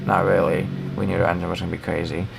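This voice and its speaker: A man's voice: low voice, level tone, quick pace, vocal fry, noisy background. A young American man co-hosting a sports show, rambling opinionated commentary full of fillers and self-corrections.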